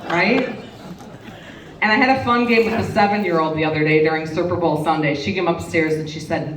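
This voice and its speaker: A woman's voice: fairly low pitch, brisk. Brash fifty-something woman comic, live in a reverberant reception hall, heard from a distance over audience laughter. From Wisconsin. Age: 50s. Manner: brash, bawdy, conspiratorial with the audience. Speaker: stand-up comedian. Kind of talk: stand-up comedy set. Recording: echoey hall, distant mic, loud crowd laughter and noise.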